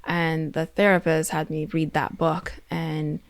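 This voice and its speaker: A woman's voice: deep voice, a little slow, no echo. A woman in her thirties from Ukraine, chatting as an interview guest and acting out other people's voices. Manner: animated, acts out voices of others. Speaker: interview guest, Paralympic athlete. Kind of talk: casual interview chat.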